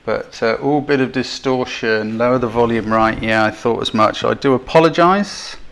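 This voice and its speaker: A man's voice: medium pitch, moderate pace, vocal fry, a bit bright. An English man hosting a live photography stream, chatty, self-deprecating and full of thanks to his viewers. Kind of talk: casual live-stream chat. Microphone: desk mic with levels being adjusted.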